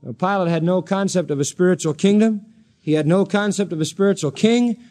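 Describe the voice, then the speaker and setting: A man with a high, bright-toned voice preaches a sermon. He acts out the people he quotes, swinging his pitch up and down for drama. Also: a little fast. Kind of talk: expository sermon.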